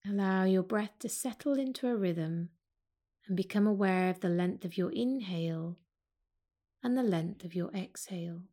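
Calm woman guiding a breath meditation. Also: on the low side. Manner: slow, calm and soothing. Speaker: yoga teacher.

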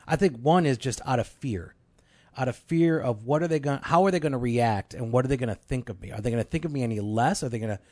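A man's voice: medium pitch, fast, dry recording. A man in his thirties, a pastor, talking casually on a podcast. He tells stories with animation and jumps into the voices of people he quotes. The sound is close and dry, with no room around it. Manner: animated storyteller who acts out quoted voices.

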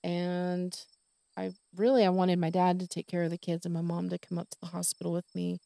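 A woman's voice: on the low side, little pitch movement, a little fast, vocal fry, warm tone, no room sound. A middle-aged woman telling a personal story on a podcast, rambling with many fillers and restarts. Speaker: podcast host.

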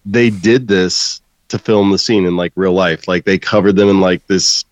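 A man's voice: low-pitched, little pitch movement, moderate pace, no echo. A man co-hosting a podcast, sharing movie trivia in an easygoing, casual way and laughing often.

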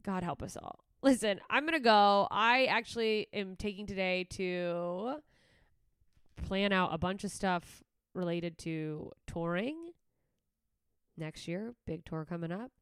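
Woman comedian podcasting solo, sweary rambling rant, self-mocking, smooth clear voice, dry close sound. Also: fairly low pitch, slow, a bit bright, dry recording. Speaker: podcast host and stand-up comedian.

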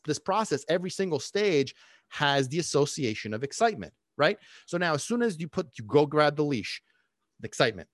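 A man's voice: a little high, no echo, studio quality. A man who works as a dog trainer, explaining casually and emphatically, throwing in rhetorical questions and checking in with "okay?" and "right?". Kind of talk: casual instructional talk.

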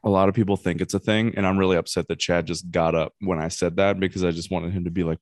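Man, very deep voice, dry close sound, rambling podcast host, halting casual chat. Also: little pitch movement, dry recording. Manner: rambling, halting, restarts questions.

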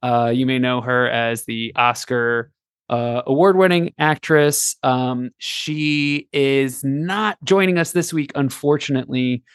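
A man's voice: medium pitch, steady tone, slow pace, smooth, no room sound, studio quality. A man hosting a casual podcast, playful and rambling, with many fillers. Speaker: podcast host. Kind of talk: casual chat.

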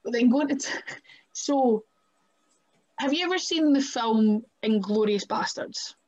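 A young woman chats on a podcast with a slightly high voice. She tells her wrestling stories loosely, leaning on "like" and laughing as she goes. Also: expressive, a little slow, a little mellow, dull audio. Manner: chatty, many "like" fillers, laughs often. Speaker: guest professional wrestler. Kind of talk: casual podcast storytelling.

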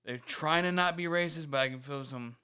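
Animated swearing man, smooth voice. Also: a little high, a little fast. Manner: animated storytelling, swears often, acts out quotes. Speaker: podcast co-host. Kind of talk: casual chat.

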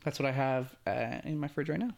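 A man's voice: medium pitch, fairly quick, creaky. A man co-hosting a podcast in easygoing casual chat, full of "like" fillers. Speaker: podcast co-host.

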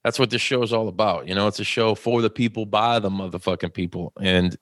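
A man hosting a wrestling podcast, relaxed and casual, swearing freely and calling his guest brother. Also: fairly low pitch, fast talker, dry recording, studio quality. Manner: laid-back, swears freely, calls people brother. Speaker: podcast host. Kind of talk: casual chat.

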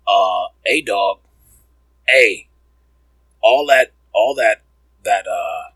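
A man's voice: fairly low pitch, lively intonation, very slow, a bit bright, no room sound, low-quality recording. A man hosting a comedic sports podcast, rambling and riffing with profanity.

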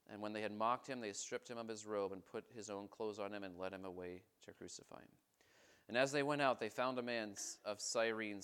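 A man preaching a sermon as pastor, reading scripture aloud and stopping to comment, moving between emphatic, rising questions and quiet, low statements. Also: smooth. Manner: reads scripture aloud and breaks off to comment, swinging from emphatic to hushed.

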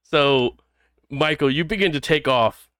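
A man's voice: a little high, measured pace, fairly bright tone, clean tone, dry recording, studio quality. A man running a tabletop game as game master, laid-back and amused.

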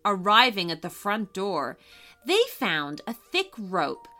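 A woman reads a children's bedtime story in a gentle, unhurried voice. Her tone is bright and her pitch moves widely, with soft music playing underneath. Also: big pitch swings. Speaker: storyteller and podcast host.

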